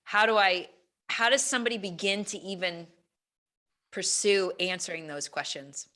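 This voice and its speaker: A woman's voice: medium pitch, normal speed, pushed and bright. A woman hosting a podcast, asking enthusiastic, thoughtful interview questions. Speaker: podcast host and coach.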